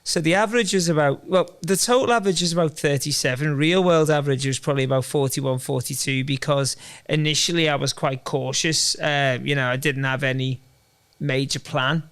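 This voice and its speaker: Male guest, chatty and self-mocking, slightly high voice with some fry. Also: brisk, a bit bright. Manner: chatty, rambling, self-deprecating humor. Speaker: guest, endurance runner. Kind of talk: casual interview chat.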